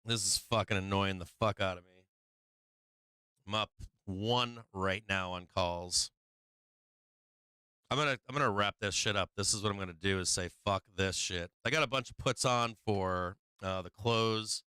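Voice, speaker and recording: A man on a live trading stream, frustrated and cursing as he talks through his losses, now and then laughing at himself. His voice is bright and very clear, and the sound is dry and close with no room echo. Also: on the low side, normal speed.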